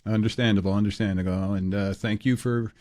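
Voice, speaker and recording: Joking referee hosting a podcast. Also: male voice, fairly low pitch, fairly even intonation, fairly quick, darkish tone. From northern United States. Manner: loose and joking, with many fillers. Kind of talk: casual podcast chat.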